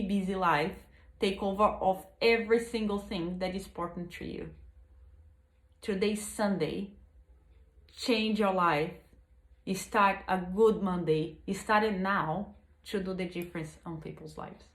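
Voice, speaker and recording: A woman's voice: medium pitch, slow pace, pauses often. A woman speaking earnestly to her viewers from home, urging and pleading with many restarts. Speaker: vlogger. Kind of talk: heartfelt motivational talk to camera. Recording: echoey room.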